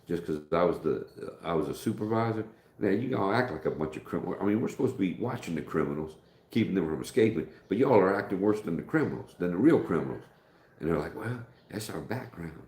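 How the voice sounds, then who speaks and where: Deep-voiced American man rambling. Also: darkish tone. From United States. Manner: rambling storytelling with quoted dialogue. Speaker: live stream host. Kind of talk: casual chat. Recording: echoey room.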